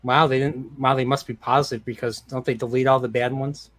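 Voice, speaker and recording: A man's voice: mid-range voice, flat delivery, fairly quick, a bit bright. A man chatting casually as a podcast guest, bantering with the host. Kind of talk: casual chat.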